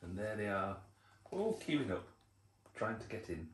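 Older grandad reading a storybook aloud. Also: male voice, fairly low pitch, sing-song, a little hiss or hum. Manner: warm, unhurried, chatty asides. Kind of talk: reading a picture book aloud. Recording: roomy echo.

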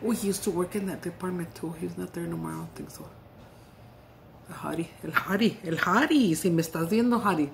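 A woman's voice: fairly low pitch, darkish tone. A middle-aged woman vlogger chatting casually while eating, telling stories in a salty, profane, giggly way.

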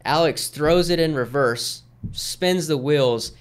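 A man in his thirties, appearing as a podcast guest, tells stories in an easygoing, rambling style with lots of fillers as part of a casual conversation. His voice is on the high side, slow and clean in tone.

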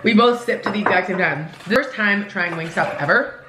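A woman's voice: medium pitch, brisk. A young woman in her twenties hosting a casual food vlog, chatty and bubbly, laughing often. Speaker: vlogger host. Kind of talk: casual mukbang vlog chat. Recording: echoey room, faint noise.

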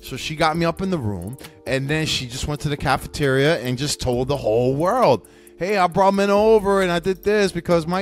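A young man hosting a podcast, telling a candid, profane story with many restarts. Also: a little high. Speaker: podcast host. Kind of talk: casual storytelling monologue.

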